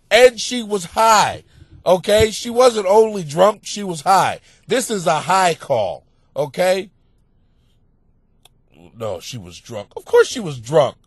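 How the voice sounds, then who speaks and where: Male comic podcast host, high voice, crude rant, dead-dry booth sound. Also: no echo. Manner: crude, ranting, swings into yelling and laughter. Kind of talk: profane comedic monologue.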